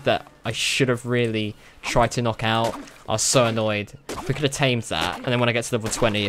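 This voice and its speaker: A young man giving casual, excitable commentary while playing a video game, swearing and laughing often. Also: mid-range voice, a little hiss or hum. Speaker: gaming video host.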